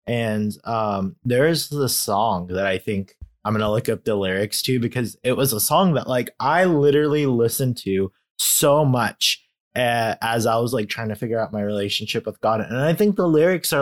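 Young guy opening up about faith, lots of "like", kinda choked up, mid-pitched voice. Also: lively intonation. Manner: halting and heartfelt, full of filler "like"; grows emotional while talking. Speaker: guest. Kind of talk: candid faith conversation.

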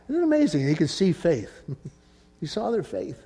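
A male pastor preaching with a high, bright-edged voice that leaps across a wide pitch range. He drops to near whispers, then climbs to shouts, and voices the people in his story with playful asides. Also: moderate pace. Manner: animated preaching, swings from hushed to shouting. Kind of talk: sermon.

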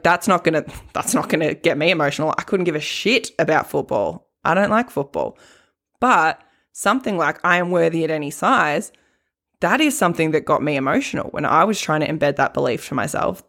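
In a casual podcast monologue, a female coach chats along, laughing readily and leaning on lots of "like" fillers. Her pitch is fairly low and her tone a bit bright.

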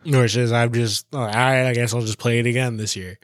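A man of middle pitch talking about games and life in relaxed podcast banter. He often lets his sentences trail off and swears in passing. The sound is dry and close. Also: brisk, no echo. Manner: easygoing, trails off, swears casually. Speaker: podcast co-host. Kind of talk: casual chat.

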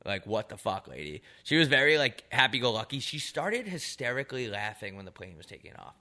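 A young man with a mid-range voice talks fast while co-hosting a podcast. His casual storytelling is animated, meandering, and profane.

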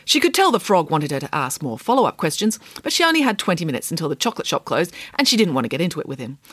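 A woman reading a comic storybook aloud with lively, theatrical comic timing. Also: sits low, rapid-fire, hardly any pauses, husky, no echo.

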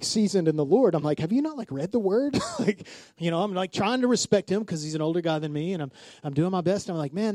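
A male pastor, around his forties, preaches in a lively storytelling way, voicing the people in his anecdotes and calling on the congregation to answer back. His voice sits high for a man. The sound is dry, with almost no room echo. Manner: storytelling with acted-out quotes, call-and-response. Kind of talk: sermon.

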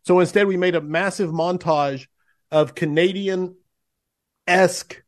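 A man's voice: high voice, steady tone, slow. Upbeat man hosting a podcast. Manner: upbeat, gushing, drops fillers. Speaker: podcast host. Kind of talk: show intro and sponsor reads.

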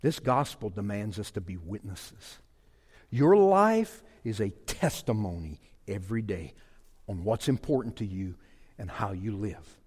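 A middle-aged man with a drawl preaches in a folksy storytelling way, his voice leaping up and sinking low across the sermon. The sound carries a long reverb, as from a large sanctuary. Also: a little slow, slightly rough. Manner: folksy, animated storytelling with sudden loud bursts. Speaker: pastor.

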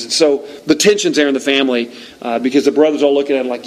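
A middle-aged man preaching a sermon, telling personal stories and acting out quotes with lively energy. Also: mid-range voice, very fast. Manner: animated storytelling, acts out quotes. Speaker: pastor.

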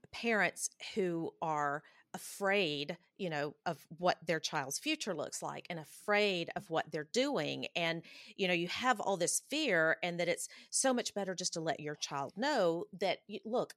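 A woman's voice: on the low side, animated, measured pace, a bit bright, no room sound, studio quality. A woman hosting a podcast, affirming and conversational. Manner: affirming, frequent agreement. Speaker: podcast host.

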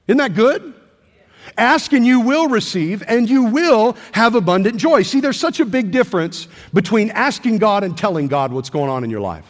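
A man's voice: high voice, big pitch swings, moderate pace, big-room sound. A man in his thirties, a pastor preaching a sermon with call-and-response to his church.

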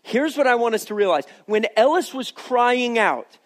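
A man's voice: very high voice, animated, moderate pace. A male pastor giving a sermon, telling a story in a conversational way and speaking straight to his congregation.

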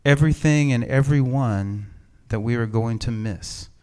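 Alone in an empty sanctuary, a middle-aged pastor delivers his sermon in a clean, mid-range voice. He tells stories in a reflective, measured way, adding some gentle humor.

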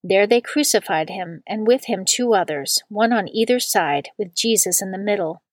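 A woman giving a steady, measured scripture reading. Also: medium pitch, dry recording.

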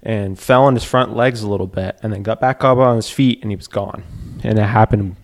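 A man telling a hunting story in a casual chat, animated and reliving the moment. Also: fairly low pitch, fairly quick.

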